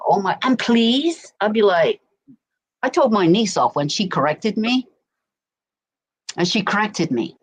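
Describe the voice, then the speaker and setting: A woman from chatting as a guest on a home live stream, telling stories and often asking "do you know what I mean", with no external mic. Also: fairly low pitch. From England, Berkshire. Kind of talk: casual chat. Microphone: no external mic plugged in.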